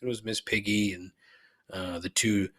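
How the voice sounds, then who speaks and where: A middle-aged man hosting a podcast, rambling through a profane rant that climbs in pitch when he gets riled. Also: animated, moderate pace, breathy edge. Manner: rambling and repetitive, swears freely, rises in pitch when riled. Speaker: podcast host. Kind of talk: casual profane ranting monologue.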